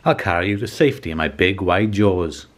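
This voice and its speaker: A sly alligator in a storybook reading, put on by a man. The voice stays low and close to the reader's own, with lines that come out quickly and smoothly. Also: close to an everyday voice. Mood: coaxing. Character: sly male alligator offering help.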